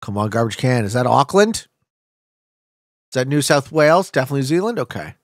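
A man streaming a geography guessing game, chatting to viewers with loud hype bursts and quiet muttering while he thinks. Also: medium pitch, very animated, fairly quick, no room sound, clean studio sound. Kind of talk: casual gameplay commentary.

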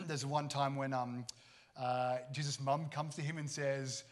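A man delivers a church sermon in an easy, conversational manner. His voice sits at an ordinary middle pitch, and he slips into the voices of the people in his stories as he tells them. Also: fairly even intonation, measured pace. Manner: conversational, acts out quoted characters. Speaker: pastor.

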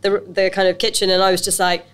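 Quick-paced and medium in pitch, with a faint hiss or hum in the background, a chatty British woman tells her story. She is a guest, an actress and business owner, in an informal interview, animated and full of fillers and restarts.

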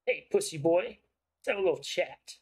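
Brief: man voicing a crude, taunting thug; slightly high, mocking. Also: animated, moderate pace, slightly rough. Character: crude, picking-a-fight street thug.

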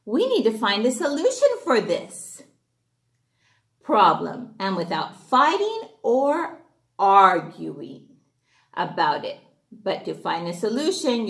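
A woman's voice: on the high side, echoey room. A woman leading children's circle time, reading a story aloud with gasps and questions for the kids. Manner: animated, gasping, asking children questions. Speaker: teacher reading to young children.

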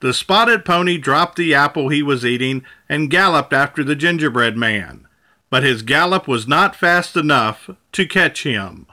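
Slow, bright-voiced male storyteller. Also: fairly high pitch, lively intonation. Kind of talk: children's storybook read-aloud.

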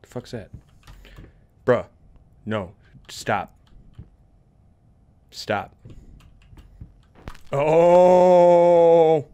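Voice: mid-range voice, lively intonation, extremely slow, pauses often, warm tone, clean tone, highs cut off. A gamer commenting on a horror game, swearing constantly and breaking into screaming outbursts. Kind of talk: horror let's play commentary.

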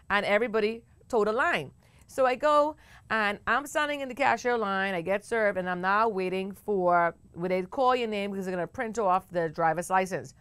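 A woman with a Bahamian accent hosting a talk show, telling a story in a chatty, animated way with bursts of laughter. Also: mid-range voice, clean tone, no echo. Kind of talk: casual storytelling to camera.

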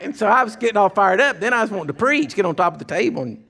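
A pastor preaching a sermon, telling folksy stories in a casual drawl and swinging from hushed asides to fired-up shouts. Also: male voice, high voice, animated, very fast, gravelly, background noise.

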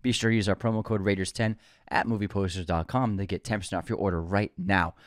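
A man's voice: lowish voice, fairly even intonation, fast, no echo, studio quality. A man co-hosting a casual movie podcast, joking, laughing easily and reading a sponsor spot with energy. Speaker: podcast co-host.

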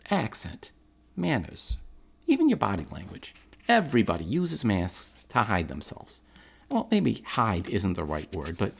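Blunt Brooklyn man, played by an actor in a stage monologue; low-pitched and gravelly, chatty and direct. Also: exaggerated voice. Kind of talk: theatrical monologue to the audience.

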